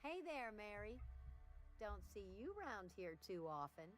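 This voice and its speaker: A woman's voice: mid-range voice, very animated, unhurried, soft background music. A nosy game townswoman. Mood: prying. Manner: prying, folksy. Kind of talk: video game dialogue.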